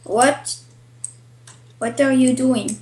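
A high-pitched woman drawls her words slowly as a guest player, her voice bouncing around a roomy, echoing space. She answers in short, smug, dry lines during casual gaming banter. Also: steady tone, darkish tone. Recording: roomy echo.

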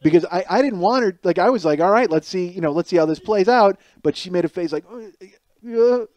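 A man in his forties, hosting a podcast, telling a comic story in a rambling, animated way with many restarts and acted-out quotes. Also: high voice, fast. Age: 40s. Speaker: podcast host. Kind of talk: comedic storytelling monologue. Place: home kitchen.

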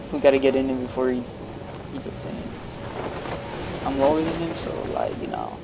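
Regular-pitched guy rambling thru game commentary, keeps saying and yeah, game noise loud behind him. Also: huge pitch swings, normal speed, creaky, long pauses. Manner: rambling, repeats "and yeah", laughs at own slips. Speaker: gaming YouTuber. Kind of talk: casual gameplay commentary.

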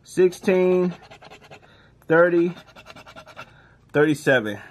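Scratching lottery tickets, a high-pitched man draws out his words as he calls the numbers in slang. He chats casually and now and then bursts into excited shouting.

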